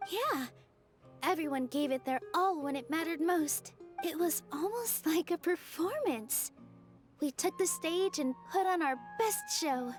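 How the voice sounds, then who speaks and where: A woman's voice: extremely high pitch, expressive, a little slow, faint music behind. A woman voicing a tiny, cheerful female fairy guide in a video game, bubbly and eager.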